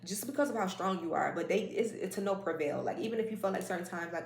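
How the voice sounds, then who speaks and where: A fast-talking woman with a fairly low voice and noticeable vocal fry gives a loose, conversational spiritual oracle card reading. She wanders off on asides and uses plenty of fillers. The room is echoey and there's faint noise.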